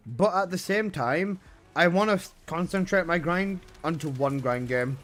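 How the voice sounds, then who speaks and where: A man's voice: a little high, animated, moderate pace, fairly bright tone, soft background music. A man live streaming, chatting casually with his viewers, swearing and laughing often.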